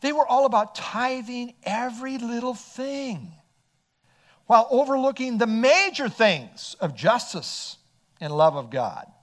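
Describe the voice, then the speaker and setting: In this earnest expository sermon, the pastor reads passages and then unpacks them at a measured pace. He is animated, his voice sits high for a man, and his pitch rises and falls freely.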